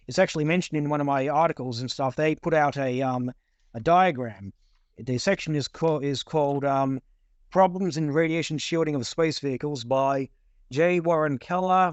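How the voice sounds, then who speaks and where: A man's voice: on the high side, dry recording. A man in casual discussion, rambling with many repeated words and fillers while reading out passages.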